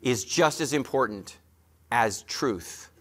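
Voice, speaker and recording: A man's voice: medium pitch, lively intonation, slow pace. A man preaching a sermon as pastor, speaking straight to his congregation with emphatic, joking asides.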